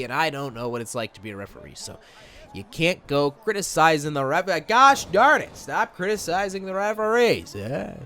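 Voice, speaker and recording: A man's voice: mid-range voice, fairly bright tone, a little hiss or hum. A young man from Michigan casually commentating a wrestling video game, rambling and slipping into goofy voices. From Michigan, USA. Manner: rambling, self-interrupting, slips into goofy voices.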